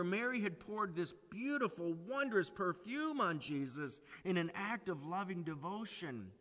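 A man preaching a sermon, swinging from loud pleading to hushed emphasis. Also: sits high, long reverb tail.

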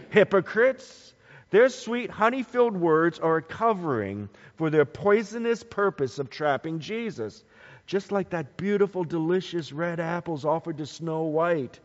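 Guy preaching a sermon, high lively voice, dull lo-fi sound with long hall reverb. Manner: animated preaching with emphatic repetition. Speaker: pastor.

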